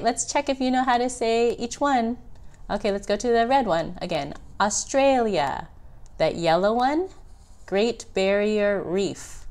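A woman tutor giving a children's geography lesson, patiently correcting pronunciation slowly and clearly. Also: mid-range voice, a little mellow.

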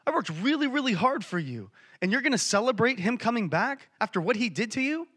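A man's voice: very high voice, big pitch swings, brisk, fairly bright tone, breathy edge, voice pushed up, full character voice. A man doing a whiny resentful older brother. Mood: indignant. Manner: whiny, indignant complaining.

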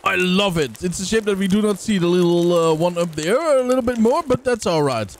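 A gamer with a high, animated voice gives brisk, casual let's play commentary over game music and slight background noise. He's chatty, talks to the game characters, and hums and sings along.

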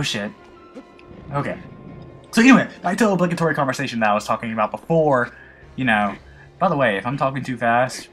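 Nasal, swearing gamer guy with a lisp. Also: medium pitch. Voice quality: slight lisp. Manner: loud, excitable, heavy swearing and jokes. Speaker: let's play gamer. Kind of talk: live gameplay commentary.

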